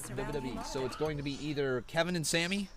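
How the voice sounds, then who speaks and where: A young man from Canada hosting a live stream, chatting casually with viewers and breaking into loud excited shouts. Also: a little high, fairly quick. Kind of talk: live-stream reaction chat.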